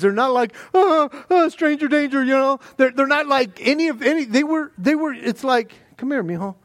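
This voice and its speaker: A pastor with a notably high voice gives an animated, conversational sermon, stumbling into restarts and chuckling along the way. The recording is close and dry.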